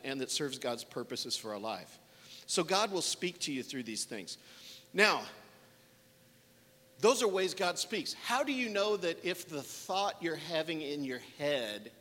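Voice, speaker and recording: A man's voice: on the high side, sharp tone, in a large hall. A man preaching a sermon in a conversational way, acting out the voices people hear in their heads. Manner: conversational, acts out inner voices.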